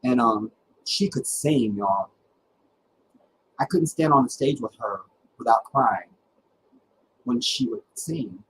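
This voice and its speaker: A middle-aged man with a voice of ordinary pitch, hosting his own livestream and telling stories from his life. He talks in an animated, dramatic way and often stops and restarts a thought. Faint noise sits under his voice. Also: takes it slowly, gravelly, long pauses, rough recording. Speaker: livestream host. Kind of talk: casual personal storytelling.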